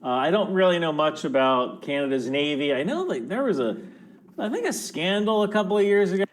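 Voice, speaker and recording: A man's voice: a little high, big pitch swings, brisk. A man giving casual commentary as a military analyst in a clip from another video, talking loosely with fillers and restarts.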